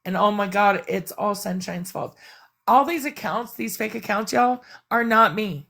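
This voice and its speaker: A woman's voice: medium pitch, a little slow, creaky, fairly bright tone. A woman chatting bluntly and profanely on a live stream, rambling as she vents. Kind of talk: casual venting chat.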